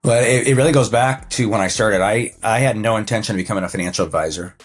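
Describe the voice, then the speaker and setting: A man in his fifties speaks in a low, easy register as a podcast guest. He tells his stories in a relaxed, rambling way and often pauses on "uh" as he restarts a thought. Faint music sits quietly behind him. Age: 50s. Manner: relaxed and anecdotal, with frequent "uh" fillers and restarts. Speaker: podcast guest, financial advisor and coach. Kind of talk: casual conversational storytelling.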